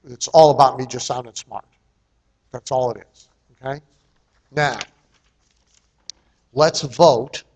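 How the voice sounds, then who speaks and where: A man's voice: mid-range voice, slow pace, pauses often, a little mellow. A man giving a live seminar talk on marketing, blunt and conversational, often checking in with his listeners and not shy about cursing. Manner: salty and irreverent.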